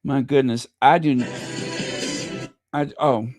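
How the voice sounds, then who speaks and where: A man's voice: medium pitch, fairly even intonation, slow pace, darkish tone, dry recording, studio quality, faint music behind. A man giving casual video commentary, chatty and gushing, full of fillers and self-corrections, talking straight to his viewers. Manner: talks directly to viewers. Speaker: royal news commentator.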